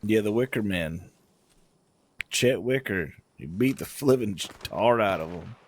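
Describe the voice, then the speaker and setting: A man's voice: lowish voice, lively intonation, measured pace. A man streaming a western roleplay, telling stories in rambling, filler-heavy casual chat.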